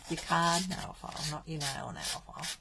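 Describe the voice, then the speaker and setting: A woman's voice: deep voice, very animated, normal speed, vocal fry, background noise. A woman from Australia hosting a live card-making stream, chatting and thinking aloud as she works. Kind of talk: live crafting stream chat.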